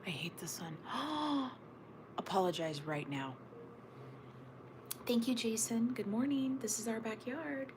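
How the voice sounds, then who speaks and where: A woman's voice: a little high, takes it slowly, long pauses. A woman hosting a casual livestream at home, chatting with viewers and answering their comments, often dropping to a whisper. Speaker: livestream host. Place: at home looking out over a snowy backyard. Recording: steady background noise.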